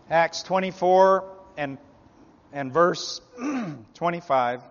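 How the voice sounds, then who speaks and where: A man preaching a revival sermon, swinging from loud, pleading appeals to hushed, low endings. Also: big pitch swings, drawn-out words. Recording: dull, echoey hall.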